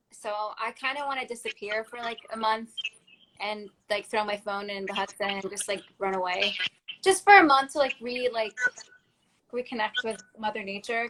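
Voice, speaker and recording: A woman's voice: fairly high pitch, background noise. A woman guest on a live-stream interview, candid and laid-back, with plenty of casual fillers, speaking over a phone. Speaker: guest actress. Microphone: phone on a video live stream.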